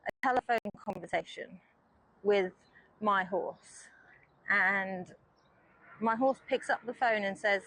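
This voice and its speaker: A woman horse trainer talks through her technique while riding, calm and patient. Her voice sits in a middle pitch. The sound is dry and close, with no echo around it. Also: takes it slowly, long pauses. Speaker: riding instructor. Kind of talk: explanatory lesson while riding.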